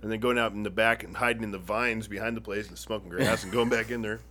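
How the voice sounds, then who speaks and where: A man's voice: fairly low pitch, steady tone, fast, pushed and bright, a little hiss or hum. Profane, rambling man telling stories. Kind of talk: casual storytelling chat. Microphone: headphones, studio mic.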